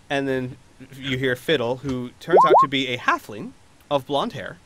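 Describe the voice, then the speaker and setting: A man's voice: medium pitch, very animated, moderate pace, noisy background. A man narrating a tabletop role-playing game as game master, rambling at times with fillers and restarts.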